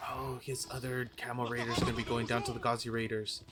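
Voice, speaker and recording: A man casting a strategy game with a medium-pitched, hoarse voice, talking through the match in an opinionated way and often stopping to correct himself. Game music plays clearly behind him. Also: level tone, fast. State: losing his voice. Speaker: game caster. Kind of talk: play-by-play strategy game commentary.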